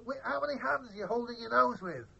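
Shrill gravelly puppet bully, gloating and whiny, for a kids' TV phone-in, dull lo-fi sound. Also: male voice, lively intonation, fast talker, bright, forceful tone, full character voice. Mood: taunting. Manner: taunting, gloating, mock-sobbing. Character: boastful rude grumpy male puppet pest. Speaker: children's TV phone-in regular. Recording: dull lo-fi TV audio.

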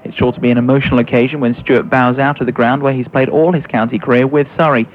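A man reading a sports news bulletin with brisk, crisp delivery. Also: medium pitch, fairly even intonation. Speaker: sports newsreader. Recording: thin phone-like radio audio with faint noise.

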